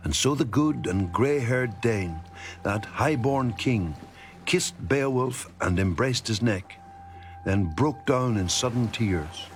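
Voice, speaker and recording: A man narrating epic verse in a steady, measured scripted reading. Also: medium pitch, soft background music.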